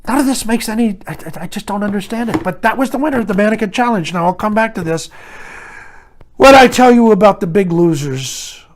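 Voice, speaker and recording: A man's voice: animated, brisk. An older man giving a blunt, sarcastic opinion monologue to camera, scoffing at the year's trends. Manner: mocking voices of others in raised pitch. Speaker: commentary vlogger.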